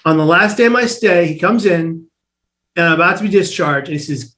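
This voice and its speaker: High-voiced man telling his story. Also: fairly quick. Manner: animated, acts out quoted voices, restarts often. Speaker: guest. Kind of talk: personal storytelling in an interview.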